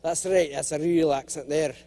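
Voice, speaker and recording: A middle-aged keynote speaker delivers a humorous motivational speech to a large conference, jokey and animated, now and then slipping into character voices. His voice is on the high side at normal speed.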